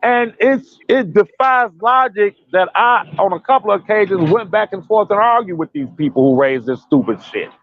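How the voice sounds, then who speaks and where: Emphatic, animated man, lo-fi sound. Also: high voice, normal speed, few pauses, no echo. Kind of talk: casual commentary chat.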